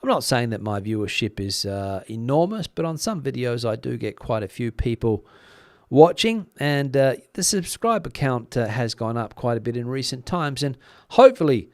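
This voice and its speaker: A man's voice: medium pitch, very animated, normal speed, a little mellow, no echo, clean studio sound. A man hosting a live stream, chatting casually with viewers, with frequent fillers and a slightly worn voice. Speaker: YouTube news channel host.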